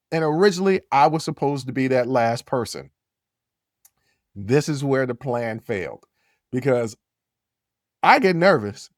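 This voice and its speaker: A man hosting a podcast, telling a story in a casual, animated way, repeating phrases and jumping his voice up when he gets worked up. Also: no echo, clean studio sound. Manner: animated, repeats phrases, jumps to high yells when quoting. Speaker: podcast host.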